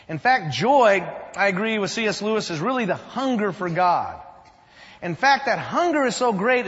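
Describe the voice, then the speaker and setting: A man preaching a sermon, animated and emphatic, telling stories as he teaches. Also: high voice. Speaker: pastor. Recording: dull recording with long hall reverb.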